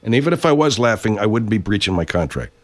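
A man's voice: lowish voice, very animated, quick pace. A man playing a defensive, argumentative voice-over guy. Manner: argumentative, stammering restarts, profane. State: stuffed-up nose. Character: defensive middle-aged man recording voice-over, insisting he isn't laughing. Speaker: voice-over performer in a comedy bit. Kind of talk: comic radio character acting.

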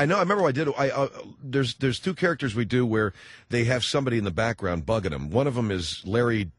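A middle-aged man hosting a radio talk show, chatting with callers in a jokey, rambling way. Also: fairly low pitch. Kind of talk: casual radio chat. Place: radio studio. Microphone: close studio mic.

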